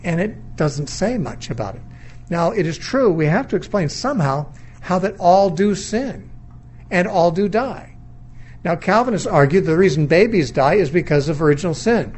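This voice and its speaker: A middle-aged man gives a sermon lecture in a fairly high voice, thinking aloud as he weighs different views. He questions rather than asserts, and often restarts his sentences. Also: animated, normal speed, a little mellow, husky. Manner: thoughtful, reasoning aloud, with frequent restarts. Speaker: Bible teacher.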